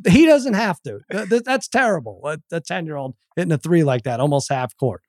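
Animated, stammering middle-aged man storyteller. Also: on the high side, brisk, no room sound, studio quality. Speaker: podcast guest. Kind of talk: casual chat, storytelling.

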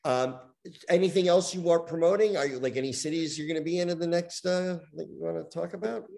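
A man's voice: fairly high pitch, steady tone, quick pace, gravelly, mellow. A man co-hosting a podcast, asking questions in a dry, hesitant way with many fillers. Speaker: podcast co-host. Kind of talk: casual podcast chat.

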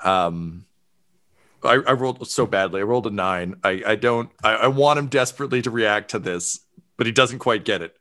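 A man's voice: lowish voice, moderate pace, a bit bright. A man narrating as game master, telling the story in a loose style full of fillers.

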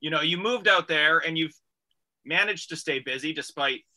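A man hosting a radio comedy show, talking in an upbeat, jokey way with drawn-out announcer phrasing. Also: a little high, bright, forceful tone.

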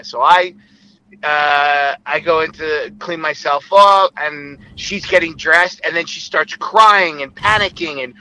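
A man with a very bright, slightly high voice tells a rambling, explicit personal story. He talks casually and keeps quoting what others said. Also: slow, clean tone, poor audio.

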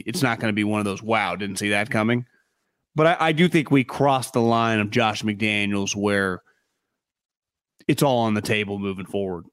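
A man co-hosting a casual sports podcast, talking in an animated, rambling way with casual swearing. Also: mid-range voice, dry recording, clean studio sound. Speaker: podcast co-host.

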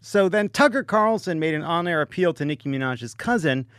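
Joking man with a fairly high voice. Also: fairly quick, clear, resonant tone, dry recording, clean studio sound. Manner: joking, animated storytelling with punchlines. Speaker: podcast host. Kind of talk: comedic podcast banter.

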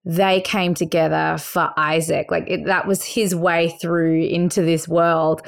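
Brief: Australian woman, podcast co-host, gushing and enthusiastic, lowish voice. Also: little pitch movement, unhurried, creaky, clear, resonant tone. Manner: effusive, enthusiastic. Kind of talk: casual chat.

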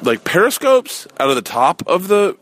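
A middle-aged man telling a comic story in a rambling, profane, conversational way. His pitch swings widely as he talks. The delivery sounds like an offhand podcast monologue. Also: sing-song, normal speed, fairly bright tone. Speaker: podcast host. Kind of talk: comedic storytelling.

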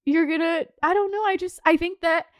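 A young woman with a high, bright-pitched voice rants on her podcast, full of fillers and swearing. She talks in a loose, emotional way. The sound is close and dry. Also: fairly even intonation, a little fast, no room sound. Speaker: podcast host. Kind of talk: casual rant.

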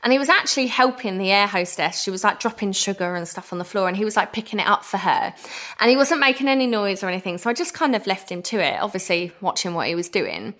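A woman in her thirties from England, candidly telling a personal story as a podcast guest, animated and acting out what people said. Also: medium pitch, fast. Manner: animated, laughs often, acts out quoted speech.

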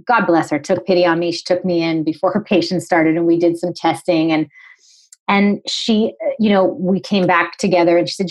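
Low-voiced storytelling woman guest. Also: brisk, low-quality recording. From New England. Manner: animated storyteller, acts out quoted dialogue; articulate, explanatory. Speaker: podcast guest, nutritionist and author. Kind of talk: conversational storytelling interview.

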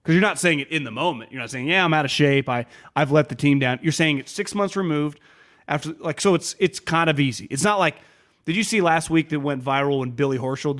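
A man co-hosting a casual sports podcast, talking in an animated way and acting out players' quotes. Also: mid-range voice, a little fast. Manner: animated, quotes players in mock voices, many restarts.

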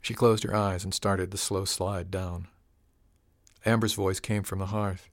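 A man with a low voice narrates an audiobook in a steady, even manner. The recording is close and completely dry. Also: normal speed, no room sound.

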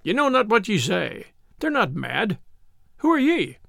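A man's voice: sits high, wildly swooping pitch, a little slow, gravelly, fairly bright tone, dry recording, studio quality, full character voice. A man voicing a hard, imperious nobleman who speaks sharply and gives commands, as a character in an audiobook. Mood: sharp, commanding.

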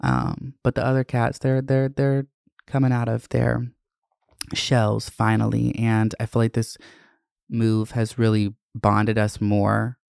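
A man in his twenties rambles through a frank personal vlog, cursing freely as he talks. His voice is smooth and clear, recorded dry and close. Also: mid-range voice, little pitch movement, slow pace, a little mellow, no echo. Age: 20s. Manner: candid, profane, rambling. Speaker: vlogger.

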